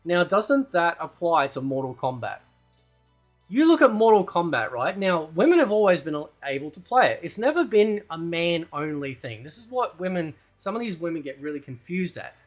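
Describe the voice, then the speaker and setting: A man's voice: on the high side, big pitch swings, moderate pace, soft background music. A man hosting a ranting commentary video, loose and combative, who keeps asking "right?". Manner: loose, rambling delivery with fillers and swearing. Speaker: commentary channel host.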